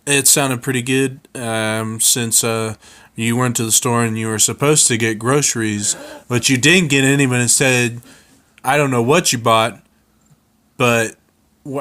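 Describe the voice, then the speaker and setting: A man voicing a fed-up, sharp-tongued redneck wife who scolds and curses in a comedic storytime. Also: medium pitch, fairly even intonation, a little slow, lightly acted. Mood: scolding. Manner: scolding, cursing.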